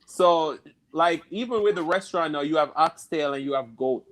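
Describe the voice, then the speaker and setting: Casting note: Jamaican man, slightly higher voice, relaxed interview guest who laughs easily. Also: normal speed. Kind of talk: casual interview chat.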